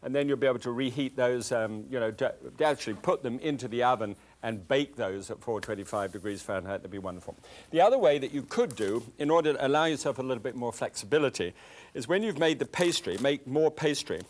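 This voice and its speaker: A man's voice: mid-range voice, expressive, fast talker. An older man, demonstrating a recipe in a chatty, enthusiastic way as a cooking show host.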